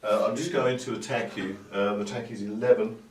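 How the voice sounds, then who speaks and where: A man's voice: lowish voice, fairly even intonation, fairly quick. Self-mocking man rolling dice at a table. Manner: chatty, self-mocking, hesitant with many ums. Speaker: tabletop game player and host. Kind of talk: casual gameplay banter. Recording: roomy sound from a distant mic with some noise.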